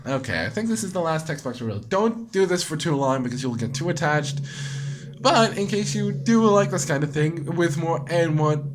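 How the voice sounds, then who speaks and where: Man, let's play host, excitable, cursing, animated pitch, noisy recording. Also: normal speed. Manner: excitable, swears freely, rambling with fillers. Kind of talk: casual gameplay commentary.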